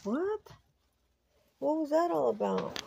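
A woman's voice: sits high, sing-song, takes it slowly, gravelly, darkish tone, slight background noise. A woman vlogging casually at home, muttering anxiously to herself, calling to her pets and slipping into Spanish phrases. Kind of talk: casual home vlog talk.

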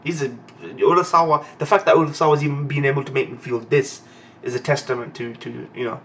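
Gravelly man, emotional reaction. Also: mid-range voice, steady tone, a little fast, a bit bright, a little hiss or hum. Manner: emotional, profane, ends phrases with "man". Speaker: anime and manga reaction host. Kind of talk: live reading reaction commentary.

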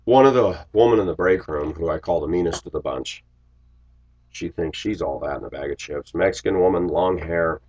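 Deep husky man, blunt storyteller. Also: moderate pace, darkish tone, muffled recording. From Los Angeles, USA. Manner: blunt, opinionated, often clears his throat. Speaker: bus driver. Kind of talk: casual storytelling monologue.

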